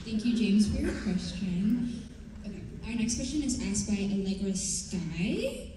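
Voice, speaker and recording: A young woman student reading audience questions aloud, soft-spoken and polite. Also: mid-range voice, sing-song, measured pace. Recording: echoey hall, far from the mic, faint noise.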